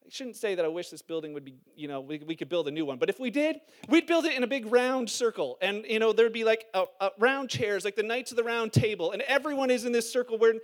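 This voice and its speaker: High-voiced preaching man. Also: quick pace, few pauses. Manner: lively and conversational, talks with the congregation, humorous stories. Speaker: pastor. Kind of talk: sermon. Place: church hall before a congregation.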